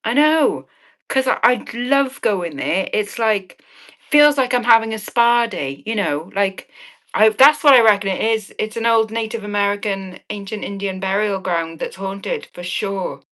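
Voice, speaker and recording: Slow-talking cheeky woman. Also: mid-range voice, fairly bright tone. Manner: chatty, cheeky and swearing, laughing at chat messages. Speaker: online auction seller. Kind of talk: casual live-stream selling chat.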